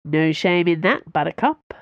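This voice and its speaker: A woman's voice: lowish voice, expressive, measured pace, dry recording, lo-fi sound. A woman voicing a smug, taunting older woman pilot with a mocking, smirking manner.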